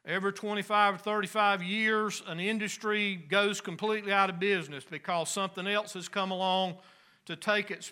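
A pastor preaching a sermon in a folksy, conversational way with homespun asides. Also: male voice, high-pitched, pushed and bright, smooth.

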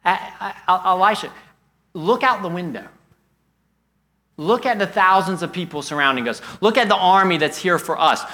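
Panicked young servant man, pleading and repetitive, bright pushed tone, put on by a preacher. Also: high voice, normal speed.

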